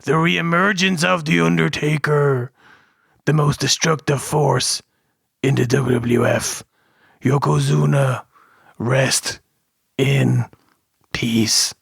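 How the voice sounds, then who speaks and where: A menacing gravedigger wrestler , put on by a man, speaks deep and slow. Each word is drawn out with heavy doom. He sounds a little distant from the mic. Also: steady tone, gravelly, breathy edge, no echo, clean studio sound, heavily acted. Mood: ominous.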